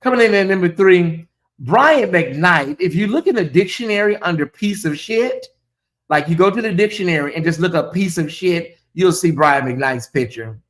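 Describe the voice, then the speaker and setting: A woman's voice: fairly low pitch, lively intonation, moderate pace. Sassy ranting gossip host, a woman. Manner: sassy, ranting, talks straight to viewers; rambling with frequent fillers and self-interruptions. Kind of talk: celebrity gossip commentary.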